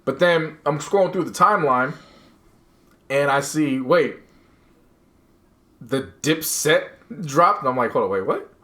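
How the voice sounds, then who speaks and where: A man co-hosting a podcast, chatting casually about new music and telling stories with quick asides. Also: on the high side, animated, sharp tone. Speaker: podcast co-host. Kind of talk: casual chat.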